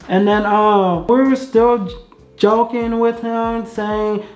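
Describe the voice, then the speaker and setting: Slow-talking young woman telling a story. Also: mid-range voice, a little mellow. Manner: chatty, repetitive, many fillers. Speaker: vlogger. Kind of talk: casual storytime. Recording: echoey room, dull sound, faint music.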